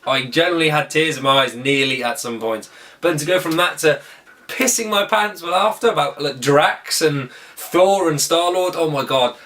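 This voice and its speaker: A man's voice: fairly high pitch, pushed and bright, far from the mic. Eager rambling man reviewing a film. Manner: enthusiastic, rambling, with quick self-corrections. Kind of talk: casual spoken movie review.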